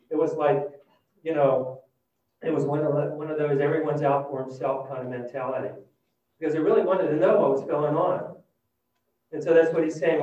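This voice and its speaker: A man preaching a sermon, retelling a scripture story with animated, dramatic shifts between loud and hushed delivery. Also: fairly high pitch. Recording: distant, dull and very echoey.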